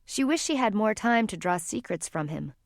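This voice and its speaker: A calm woman narrates an audiobook in a mid-range voice at a moderate pace. The scripted narration has clean studio sound with no room sound.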